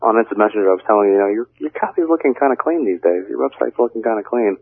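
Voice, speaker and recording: A man hosting a conversation who chimes in quickly with brief, agreeing remarks. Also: on the low side, animated, vocal fry, slightly rough, no echo. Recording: tinny phone line, dry.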